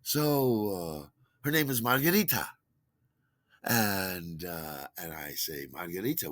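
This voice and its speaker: A man telling a story in a casual, animated way, delighted with his own tale and acting out quoted lines with big jumps in voice. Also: sits low, measured pace, dry recording.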